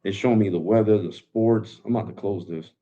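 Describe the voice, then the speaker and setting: A laid-back man hosts a tech live stream in a relaxed, slangy way, calling his viewers bro. His voice sits low. The sound is dull and lo-fi. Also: brisk. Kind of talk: casual live stream talk.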